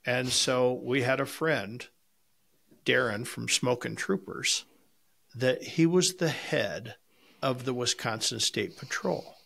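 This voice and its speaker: Gravelly, mid-pitched man; casual podcast co-host, rambling storyteller with a salty mouth. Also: slow pace, fairly bright tone. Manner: rambling anecdotes with frequent restarts, salty language. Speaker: podcast co-host and competition barbecue cook.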